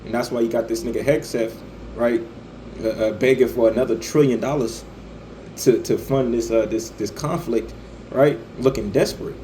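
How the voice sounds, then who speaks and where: A man's voice: mid-range voice, fairly even intonation, moderate pace, mellow, a little hiss or hum, rough recording. A man delivering a profane religious-political rant, stammering often and tagging his lines with "man" and "right". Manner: stammering, repeats "man" and "right", swears freely. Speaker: online commentator.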